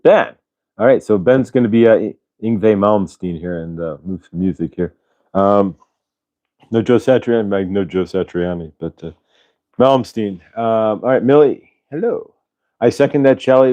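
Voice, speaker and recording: A man's voice: fairly low pitch, normal speed, dry recording. A man hosting a casual spiritual livestream, talking loosely and reading out viewers' chat messages. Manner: relaxed, rambling, reads chat aloud. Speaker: host.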